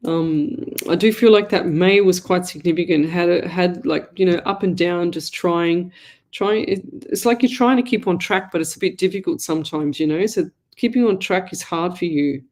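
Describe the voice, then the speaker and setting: A woman hosts a live call-in show as a psychic medium. She talks in a loose, chatty, rambling way and addresses listeners warmly as "lovey". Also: on the low side. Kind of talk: live online call-in readings.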